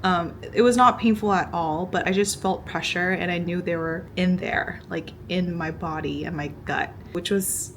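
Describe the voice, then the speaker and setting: A woman's voice: on the low side, steady tone, normal speed, few pauses, fairly bright tone, slight background noise. A young woman vlogger telling a personal story in a casual, chatty way, peppered with "like" and acting out quotes. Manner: chatty, heavy use of "like" fillers, acts out quotes.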